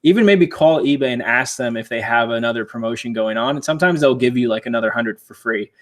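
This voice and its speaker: A young man chats easily on a livestream, giving practical advice in a relaxed, conversational way. His pitch sits in an ordinary middle range. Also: fast talker. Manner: laid-back, answers viewer questions with advice. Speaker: co-host of a reselling livestream. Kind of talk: casual livestream chat.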